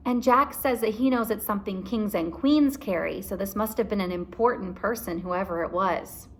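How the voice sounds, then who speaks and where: Woman teacher reading aloud to kids, slow and expressive, explains as she goes. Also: medium pitch, slight background noise.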